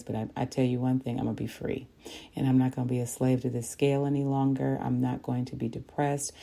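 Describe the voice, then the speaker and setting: A middle-aged woman hosting a podcast, telling her own story in a candid, animated way and repeating phrases for emphasis. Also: extremely low pitch, gravelly. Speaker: podcast host. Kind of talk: personal storytelling monologue.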